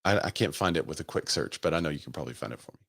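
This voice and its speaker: A man's voice: very deep voice, lively intonation, racing, creaky, fairly bright tone, husky, no room sound, studio quality. A man who works as a real estate agent, hosting a casual live stream and thinking aloud as he asks viewers for their opinions.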